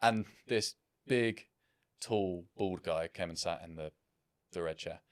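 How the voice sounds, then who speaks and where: A man's voice: deep voice, slow pace, dry recording, studio quality. A man in his thirties, a business founder, talking in a casual interview in a reflective, self-deprecating way.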